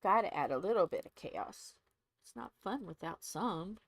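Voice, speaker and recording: Chatty woman crafting vlogger, lowish voice. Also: lively intonation, moderate pace, no echo, rough recording. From Indiana. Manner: chatty and rambling, voice dropping soft when sad. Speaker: crafting channel host. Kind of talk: casual chat to viewers while diamond painting.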